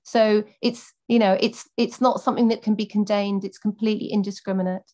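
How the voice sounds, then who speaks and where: A woman's voice: mid-range voice, fairly even intonation, a little fast, dark tone. A woman campaigner speaking earnestly, giving a prepared speech and then answering questions off the cuff with many fillers.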